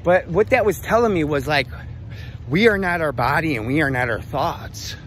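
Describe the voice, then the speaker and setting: High-voiced man telling a rambling story. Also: normal speed, a little hiss or hum. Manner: profane, rambling, animated. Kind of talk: casual storytelling.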